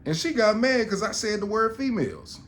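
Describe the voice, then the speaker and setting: A man's voice: sits high, sing-song, moderate pace, a bit bright, slight background noise. Exasperated man ranting on a podcast. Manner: exasperated, profane, repeats and restarts words. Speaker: podcast host. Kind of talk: casual storytelling rant.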